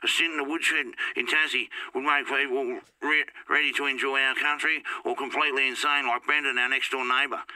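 A man's voice: mid-range voice, steady tone, a little fast, few pauses, sharp tone, dry recording, rough recording. A man impersonating a blunt, rambling middle-aged female politician. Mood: deadpan.

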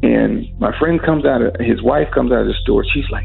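A man's voice: medium pitch, a little fast, faint music behind. A middle-aged man, a singer, telling a story as an interview guest and acting out the voices he quotes. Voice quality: gravelly, husky. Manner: lively storyteller who acts out quoted voices. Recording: tinny phone-line sound.

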